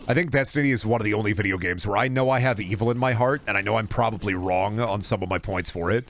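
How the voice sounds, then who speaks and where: This game streamer, a man with a lowish voice, talks fast with few pauses. He rants casually and heatedly, swearing constantly as he rambles through restarts and side comments.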